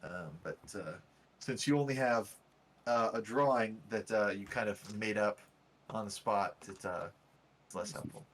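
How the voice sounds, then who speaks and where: A man's voice: on the low side, a little slow, a bit bright, a little hiss or hum. A man narrating as game master in a casual, hesitant way with many fillers.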